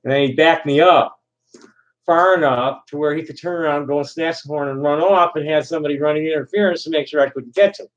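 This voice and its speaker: A man with a slightly high voice hosts a casual stream. He talks in a halting, rambling way, stalling on repeated words before he goes on. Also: highs cut off. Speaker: livestream host and busker.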